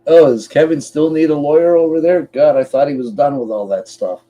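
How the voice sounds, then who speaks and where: Blunt, mellow-voiced Canadian man. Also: on the high side, brisk. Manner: blunt and chatty, swears freely; walks through a website on screen step by step. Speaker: podcast co-host. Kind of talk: casual chat.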